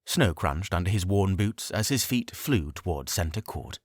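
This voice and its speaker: A man reading a fantasy audiobook as narrator, with steady, expressive storytelling. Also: low voice, normal speed, dry recording, clean studio sound.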